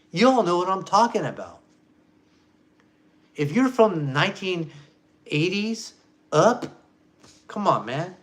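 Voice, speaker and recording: Ranting into the camera, a male vlogger swears and hammers his points, his volume jumping from loud jabs down to low mutters.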